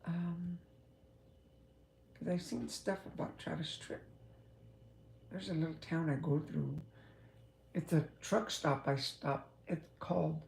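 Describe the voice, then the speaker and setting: A woman's voice: low voice, fairly even intonation, slow, creaky, long pauses, a little mellow, roomy sound, slight background noise. A woman who drives a truck, chatting casually and rambling with frequent laughs. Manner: chatty, meandering, laughs often.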